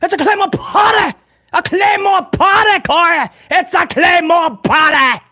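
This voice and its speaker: A man's voice: very high voice, unhurried, bright, forceful tone, raised voice, voice pushed up, full character voice. A man imitating a frantic, out-of-breath male wrestling commentator who gasps and shrieks his calls. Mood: shrieking excitement. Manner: gasping, shrieking exclamations.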